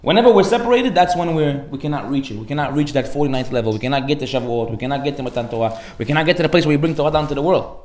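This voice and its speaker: A man giving a sermon as a rabbi, animated, acting out the voices in his stories. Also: medium pitch, rapid-fire, hardly any pauses, reverberant. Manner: animated storytelling, acts out dialogue.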